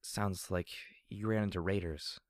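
A man's voice: sits low, fairly even intonation, unhurried, no echo, studio quality. A man voicing a wary young female unicorn wanderer who speaks bluntly and edgily in an audiobook reading.

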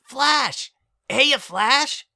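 A man reading a story aloud and voicing a cheerful, giggly young colt boy in an excited, squealing way. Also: very high voice, drawn-out words, vocal fry, voice pushed up, full character voice.

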